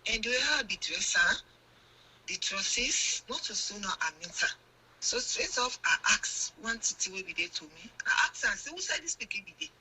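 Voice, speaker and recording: An older woman with a Sierra Leonean Krio accent, a mother appearing as a guest in a radio interview, earnestly recounts events in a long narration full of quoted exchanges. Her medium-pitched voice is sing-song, bright and forceful at a moderate pace, though the audio is poor with slight background noise.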